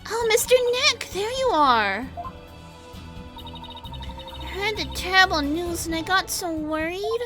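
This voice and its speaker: A woman's voice: very high voice, animated, unhurried, pauses often, music in the background, pitched above the performer's own voice. A woman voicing a sweet, fretful young girl in a game. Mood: worried.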